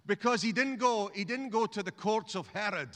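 A man's voice: high-pitched, normal speed, a bit bright, long reverb tail. A man preaching a sermon in a chatty, humorous way, often restarting phrases and calling on the congregation to repeat words. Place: church.

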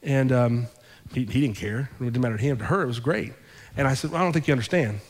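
Animated preacher man in an echoing sanctuary. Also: medium pitch, fast talker, slightly rough. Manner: animated, conversational storytelling with repeated phrases. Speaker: pastor. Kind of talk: sermon storytelling. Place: church sanctuary.

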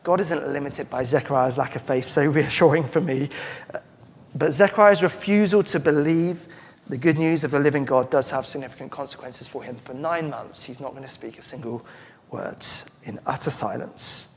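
Earnest preacher in a hall. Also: male voice, mid-range voice, moderate pace, creaky, husky. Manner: earnest, emphatic, with frequent restarts. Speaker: pastor. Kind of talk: sermon. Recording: long church-hall reverb.

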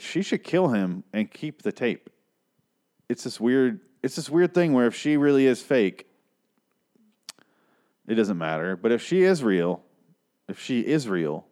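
A young man recapping a TV episode in a casual, rambling way. He swears freely, gets excitable and loses his train of thought. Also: mid-range voice. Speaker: podcast host recapping an episode.

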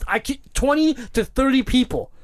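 A man hosting a podcast, telling an animated story in casual chat. He laughs often, repeats his words and acts out the voices of people he quotes. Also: extremely high pitch, moderate pace, no echo, clean studio sound. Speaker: podcast host.

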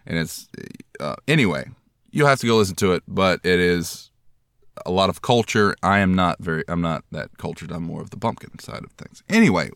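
Deep-voiced man telling rambling stories. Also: lively intonation, a little fast, gravelly, fairly bright tone, smooth, no room sound, clean studio sound. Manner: rambling, self-deprecating, jokey. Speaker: podcast host. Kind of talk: casual podcast storytelling.

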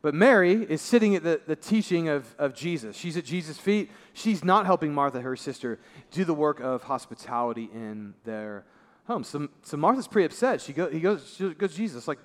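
Male pastor, slightly higher voice, conversational sermon, long hall reverb. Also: expressive, fairly quick, hardly any pauses. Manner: conversational preaching, voice drops low and soft for emphasis.

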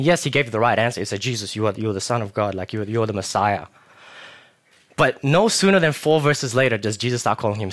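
Young male preacher, casual storyteller who acts out the scenes, mid-pitched voice. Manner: casual, animated storytelling with acted-out quotes. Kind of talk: sermon.

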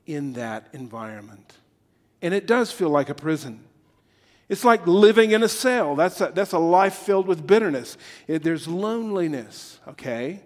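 A man preaching a sermon, telling a story with quick asides and acted-out quotes. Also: high-pitched. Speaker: pastor. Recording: long reverb of a large hall.

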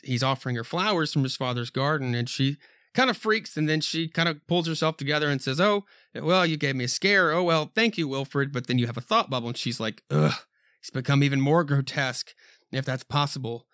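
A man's voice: mid-range voice, fairly bright tone, no room sound, clean studio sound. A man hosting a podcast, casually reading a horror comic aloud and rambling about the art. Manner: rambling, laughs at himself. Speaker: podcast host.

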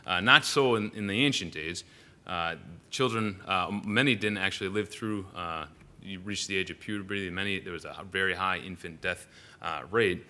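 A man's voice: low voice, normal speed, sharp tone. A male pastor giving a sermon in a church, telling stories animatedly with frequent "uh" fillers and restarts.

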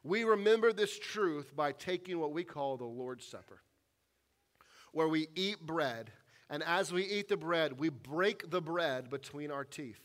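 A man with a fairly high voice preaching to his congregation. He is earnest and deliberate. He slows right down on the weighty lines and falls to a near hush to land a point. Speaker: pastor. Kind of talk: sermon and closing prayer. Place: church sanctuary.

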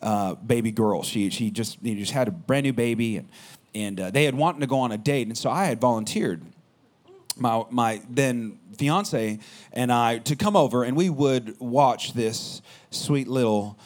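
A man giving a sermon, telling a personal story in a casual, animated way that drops low at the quiet moments. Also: normal speed. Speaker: pastor.

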